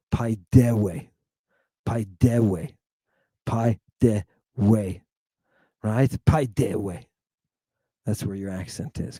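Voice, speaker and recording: A middle-aged man teaching as a theatrical lecturer, swinging from loud to hushed and drawing out words in pronunciation drills, hot and sweating. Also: a little high, dry recording. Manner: drawn-out, emphatic pronunciation drills. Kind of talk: lecture to an online audience.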